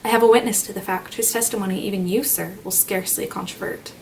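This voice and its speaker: A woman voicing a stern male solicitor, speaking each word distinctly, calmly and steadily. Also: medium pitch, fast talker, natural voice. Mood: firm. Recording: slightly distant mic, faint noise.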